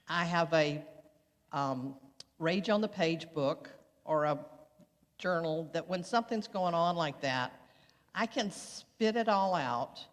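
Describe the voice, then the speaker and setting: An older woman and spiritual coach, reflectively sharing her personal practice, earnest with a wry edge. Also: on the low side. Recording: long hall reverb.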